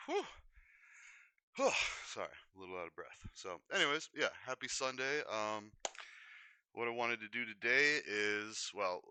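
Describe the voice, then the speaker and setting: A man's voice: fairly low pitch, sharp tone, smooth, no room sound. A man hosting a livestream in a casual monologue, rambling and often restarting and correcting himself mid-sentence. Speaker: livestream host.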